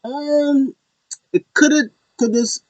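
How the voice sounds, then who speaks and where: A man's voice: very high voice, slow pace, dry recording, highs cut off. A man hosting a casual solo recap, rambling with many fillers and acting out quotes in passing. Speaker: wrestling show recap host.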